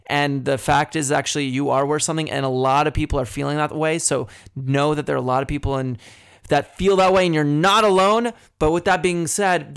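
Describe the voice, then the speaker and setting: A man's voice: fairly high pitch, fairly bright tone, clear, resonant tone. A man talking as a guest on a podcast, earnest and frank, thinking aloud with fillers and casual swearing.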